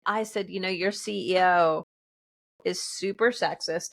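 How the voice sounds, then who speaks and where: A woman co-hosting a casual talk show, telling animated work stories, laughing often and mimicking the people she quotes. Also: fairly low pitch, a little slow, creaky. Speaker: podcast co-host. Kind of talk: casual chat.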